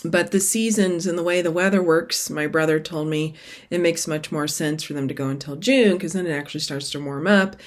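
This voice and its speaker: A middle-aged woman with a slightly low voice chats casually to her vlog audience. She rambles and drifts from one aside to the next in a relaxed, talkative way. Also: brisk. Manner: rambling, chatty, sidetracked. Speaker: cross-stitch vlog host. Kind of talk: casual chat.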